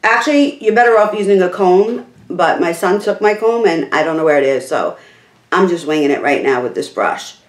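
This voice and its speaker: A chatty beauty vlogger, a woman with a lowish, slightly worn voice, talks through a hair tutorial in an easygoing, rambling way. Her words bounce around a roomy, echoey room. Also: lively intonation, moderate pace. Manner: chatty, rambling, full of "like" and "literally". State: losing her voice.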